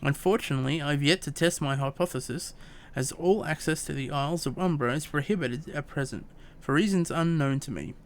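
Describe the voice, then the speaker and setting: A man's voice: a little high, a little fast, hardly any pauses, close to an everyday voice. A man reading game dialogue aloud as a fussy, long-winded young woman scholar, stumbling over words. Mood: prim.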